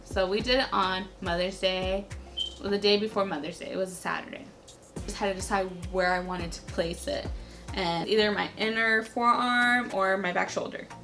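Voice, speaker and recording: A woman's voice: mid-range voice, steady tone, moderate pace, music in the background. A young adult woman vlogger telling a personal story to camera in a casual, chatty way, leaning heavily on "like" as a filler.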